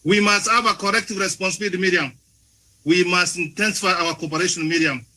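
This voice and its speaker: Impassioned high-voiced man giving a forum speech. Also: fast talker, low-quality recording. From Africa. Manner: forceful, rhetorical questions, addresses the moderator by name; frequent restarts and repeated words. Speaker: forum panelist.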